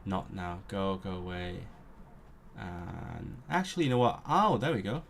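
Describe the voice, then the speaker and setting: A man's voice: low voice, sing-song, a little slow, gravelly, a bit bright, slight background noise. A man live-streaming his language study, thinking aloud and sounding out words, correcting himself as he goes. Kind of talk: casual live stream talk.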